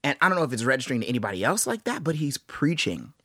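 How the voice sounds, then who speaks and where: A young man in his twenties hosting a podcast, telling stories in a casual, animated and enthusiastic way with playful asides. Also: medium pitch, very fast, dry recording, studio quality. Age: 20s. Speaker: podcast host. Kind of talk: casual storytelling monologue.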